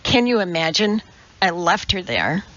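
A woman's voice: fairly low pitch, big pitch swings, fairly bright tone, highs cut off. A woman reading an audiobook, voicing a flustered, embarrassed male scientist who is ill and talks weakly. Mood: sheepish. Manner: weak, embarrassed, halting.

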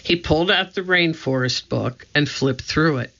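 A narrator reading a children's chapter book aloud in a steady, clear storytelling manner. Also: mid-range voice, normal speed, muffled recording. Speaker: audiobook narrator.

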